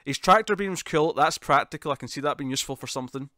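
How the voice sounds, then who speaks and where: A man chats through a TV episode recap with a fellow host, laughing often. He slips into animated voices when he quotes characters. His voice sits a touch high, and the sound is dry and close. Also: fast talker, no echo. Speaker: podcast co-host. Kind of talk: casual review chat.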